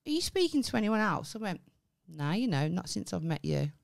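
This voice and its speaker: Woman, comedy podcast co-host, low-set voice, lively pitch, animated storytelling, swears freely. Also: a little fast, creaky. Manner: animated, acts out quoted lines, swears freely. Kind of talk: casual storytelling chat.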